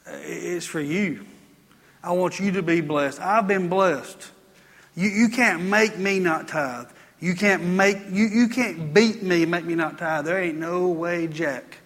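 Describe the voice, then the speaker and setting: High, bright-voiced preaching man. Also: unhurried, in a large hall. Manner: emphatic, repetitive preaching. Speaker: pastor. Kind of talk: sermon. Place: church sanctuary.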